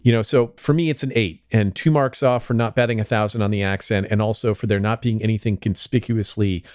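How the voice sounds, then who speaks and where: Low-voiced man in a dry recording. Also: fairly even intonation, a little fast, a little mellow, no echo. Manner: rambling, hedging with fillers. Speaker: podcast co-host. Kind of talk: casual chat.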